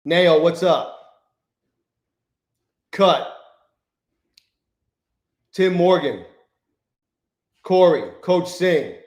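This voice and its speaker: A man's voice: fairly high pitch, animated, extremely slow, long pauses, a little mellow, roomy sound. Cursing, exasperated man on a live stream. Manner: profane, exasperated muttering, greets chat by name. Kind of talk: live-stream trading commentary.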